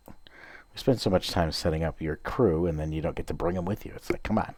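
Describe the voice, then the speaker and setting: Man, very deep voice, gravelly, casual game commentary, grumbly, squeamish. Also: a little fast, darkish tone, no room sound. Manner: grumbling, squeamish reactions to creepy scenes. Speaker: gameplay streamer.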